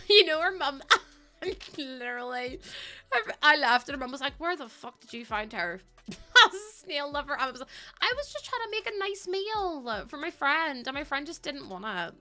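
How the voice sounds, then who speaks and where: Young woman streamer, bright, slightly high voice, giggly rambling chat. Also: big pitch swings, normal speed, faint music behind. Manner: chatty, giggly, rambling anecdotes. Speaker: live streamer. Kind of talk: casual chat while gaming.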